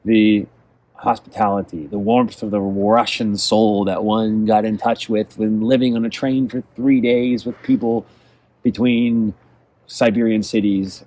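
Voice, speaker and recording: Answering interview questions in a casual conversation, a California man recounts his travels with reflection and enthusiasm. He has a lowish voice with a darkish tone.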